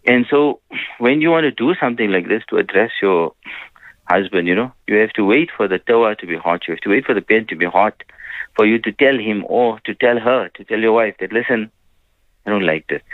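A man giving a gentle religious talk on a radio program, telling stories and peppering his speech with "you know". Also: fairly low pitch, fairly quick, dry recording. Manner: gentle preaching with frequent "you know" fillers. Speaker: Islamic scholar on a radio program. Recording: dry phone-line radio sound.

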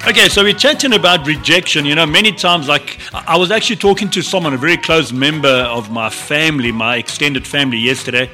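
A man's voice: fairly high pitch, fast talker, hardly any pauses, music in the background. A man, presenting a devotional message on the radio in an earnest, conversational way, often restarting and adding asides.

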